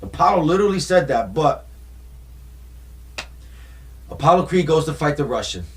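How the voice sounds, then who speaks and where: A young man vlogging in a casual, animated way, retelling movie scenes and acting out lines as he goes. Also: fairly high pitch, normal speed. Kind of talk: casual movie-talk vlog.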